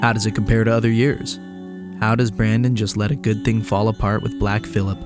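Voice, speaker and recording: A man's voice: fairly low pitch, flat delivery, fairly quick. Mock-grand male podcast host over music. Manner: mock-grandiose, playful wordy delivery. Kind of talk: scripted show intro. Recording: music bed behind the voice.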